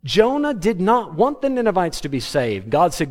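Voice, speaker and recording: A man preaching a sermon to his congregation, animated and humorous, acting out the words of biblical figures. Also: fairly high pitch, normal speed, few pauses. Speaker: pastor.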